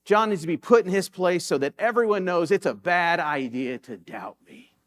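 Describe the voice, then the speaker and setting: A male pastor giving a sermon in a church, telling stories in a relaxed, conversational way and repeating key points for emphasis. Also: high voice, normal speed. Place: church sanctuary.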